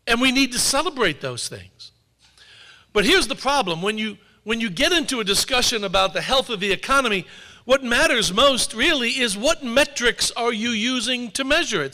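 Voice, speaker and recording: Man, author giving a talk, high bright voice, wry storyteller, long hall reverb. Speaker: author and speaker. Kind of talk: public talk to an audience.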